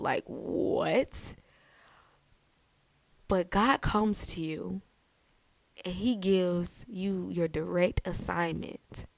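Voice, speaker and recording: A young adult woman hosting a faith podcast, telling a Bible story in a lively, chatty way. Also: fairly low pitch, gravelly, no room sound. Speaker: podcast host. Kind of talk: faith-based podcast talk.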